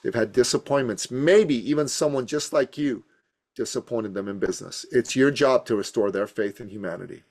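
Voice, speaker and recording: Appearing as a podcast guest, a business coach from Iran, in his fifties, recounts his story in a motivational, emphatic, punchy and rhythmic way. He speaks at a moderate pace in a mid-range, slightly mellow voice.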